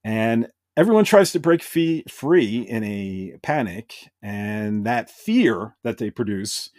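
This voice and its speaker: A man's voice: fairly low pitch, animated, slow pace, a little mellow, dry recording, clean studio sound. A man hosting a podcast, recapping an episode with enthusiasm and quoting characters now and then. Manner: enthusiastic, retells scenes with brief quoted voices. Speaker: podcast host.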